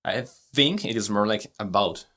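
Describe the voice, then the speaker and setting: A man's voice: on the low side, normal speed, a bit bright. A man with a Mexican Spanish accent, a native Spanish speaker, co-hosting a casual podcast and often restarting as he searches for words. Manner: hesitant, frequent restarts, laughs easily. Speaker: podcast co-host, English learner. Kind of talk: casual conversational lesson.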